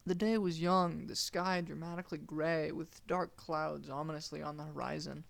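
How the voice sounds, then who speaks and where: Young man narrating with gravelly drama. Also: on the high side, steady tone, fairly bright tone. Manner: deliberate, dramatic storytelling delivery. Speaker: student storyteller. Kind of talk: dramatic first-person story narration.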